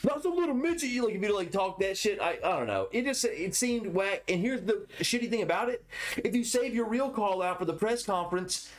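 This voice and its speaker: A man co-hosting a casual fight-reaction chat, animated and profane. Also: high voice, a little fast. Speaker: podcast co-host.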